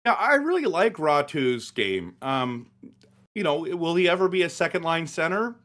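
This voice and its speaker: A man's voice: a little high, big pitch swings, normal speed, fairly bright tone. A middle-aged man, ranting passionately about hockey in a casual sports chat. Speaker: hockey show host.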